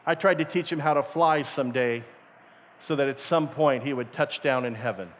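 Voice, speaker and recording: Speaking at medium pitch and a moderate pace, a middle-aged man preaches a storytelling sermon at camp, bringing the characters' voices to life with animation. The hall's echo fills the recording.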